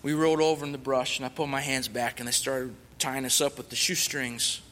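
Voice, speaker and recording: A man's voice: medium pitch, level tone, brisk, fairly bright tone, slight background noise. A man who is a missionary, giving an earnest, emphatic testimony as a guest speaker in a church sanctuary. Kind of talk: sermon testimony. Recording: long church reverb.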